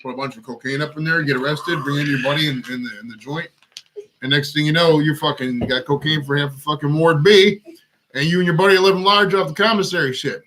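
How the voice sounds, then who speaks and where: Rowdy joking man, bright voice. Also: a little high, steady tone, quick pace, slight background noise, poor audio. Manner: rowdy, joking, swears freely. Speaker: podcast co-host. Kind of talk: casual chat.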